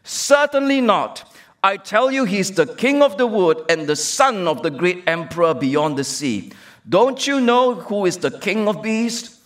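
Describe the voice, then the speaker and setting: A pastor voicing a stern male talking beaver from a children's story, slow and emphatic. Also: high voice, lively intonation, pitched above the performer's own voice.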